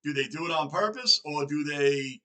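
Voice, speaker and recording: A man with a New York accent hosts a casual reaction video. His voice is bright and forceful and sits a little high for a man. He talks in an excitable, chatty way and keeps questioning himself aloud. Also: normal speed, poor audio. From Northeastern United States.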